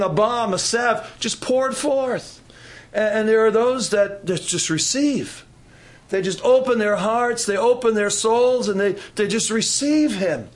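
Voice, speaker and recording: A man preaching a sermon at a church service, repeating phrases and asking the congregation questions. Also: high voice. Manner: repetitive, call-and-response preaching with audience questions.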